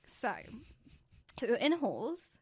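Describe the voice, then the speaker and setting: A young woman, co-hosting a podcast, telling a story in a lively way and swearing freely. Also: on the high side, slow, slightly rough. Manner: animated storyteller, swears freely, acts out voices. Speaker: podcast co-host. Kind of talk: casual chat.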